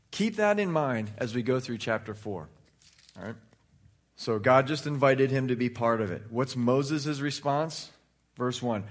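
A man teaching a Bible study in an informal, conversational way, sometimes venting frustration openly. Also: fairly high pitch. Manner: animated, conversational, vents openly.

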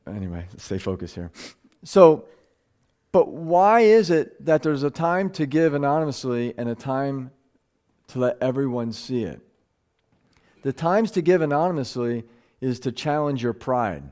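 A man's voice: mid-range voice, darkish tone. A man preaching a live sermon to a gathering, earnest, often stumbling over words and restarting phrases, his voice rising and speeding up when he stresses a point.

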